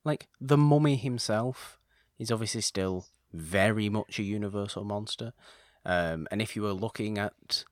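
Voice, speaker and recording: A man with a very low voice leads a casual podcast chat, rambling eagerly and doubling up on his words. The sound is dry and close, with no room echo. He keeps talking as a steady host. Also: moderate pace. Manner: enthusiastic, rambling, repeats words.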